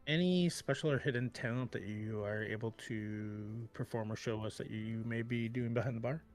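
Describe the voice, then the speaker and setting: A man's voice: mid-range voice, moderate pace, soft background music. A man at a tabletop game speaking in character as a formal job interviewer. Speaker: player.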